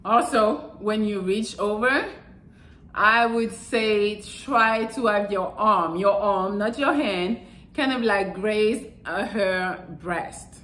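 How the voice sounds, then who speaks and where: A woman's voice: mid-range voice, slow, fairly bright tone, roomy sound, poor audio. A woman giving casual, frank dating advice, swearing freely as she talks. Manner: frank and profane, acts out little quotes. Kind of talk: casual advice talk to camera.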